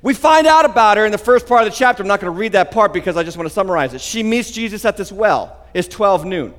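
Male pastor, high voice, lively emphatic sermon delivery, long hall reverb. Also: fast. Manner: animated, emphatic preaching with asides.

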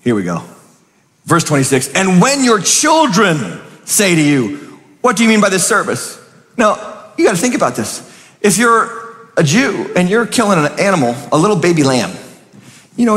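Pastor, male, high-pitched, preaches in a long-echo church hall, booming then hushed. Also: sing-song, moderate pace, pauses often. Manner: swings from booming to hushed, conversational asides. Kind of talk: sermon.

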